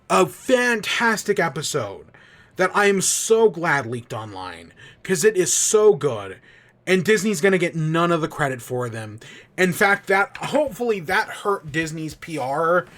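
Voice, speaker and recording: A man's voice: sits high, a little slow. A man hosting a podcast, enthusiastically recapping a cartoon episode in a rambling, casual way with frequent fillers and swearing. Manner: excited, rambling, swears freely. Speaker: podcast host.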